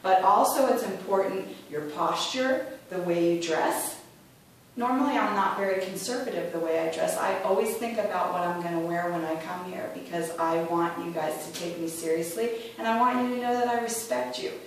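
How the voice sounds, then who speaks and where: A woman's voice: on the low side, moderate pace, a little hiss or hum. A middle-aged woman giving a prepared speech to a club, chatty, acting out voices when she quotes people. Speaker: club speaker. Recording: echoey room from far off.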